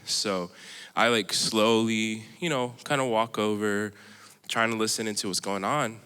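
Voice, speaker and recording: A man's voice: on the low side, fairly even intonation, unhurried, pushed and bright, clear, resonant tone. A man on a panel casually telling a story, rambling with lots of fillers and laughing as he goes. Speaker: panelist sharing a missions story. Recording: echoey hall with long reverb.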